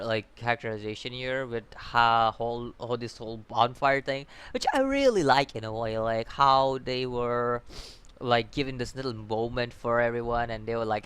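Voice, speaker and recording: A man's voice: medium pitch, sharp tone, clean tone, dry recording. A man hosting a casual video review, rambling, laughing often and swearing as he restarts his sentences. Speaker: anime reviewer, channel host.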